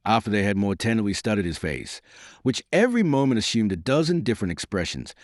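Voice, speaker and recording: A man narrating a classic novel as an audiobook, in a measured, descriptive reading. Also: lowish voice, dry recording, studio quality.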